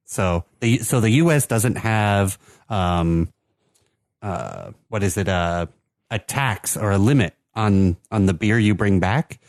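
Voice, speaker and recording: A man with an American accent and a lowish voice, talking in a relaxed, rambling way full of fillers. The sound is dry and close, with no room around it. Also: takes it slowly, dry recording. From United States. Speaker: podcast co-host presenting the beer. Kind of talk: casual chat.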